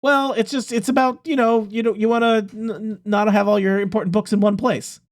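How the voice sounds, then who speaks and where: A man's voice: high-pitched, steady tone, a little fast, no room sound, studio quality, pitched above the performer's own voice, natural voice. A man voicing a flustered gnome cultist who stammers and defends himself. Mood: defensive.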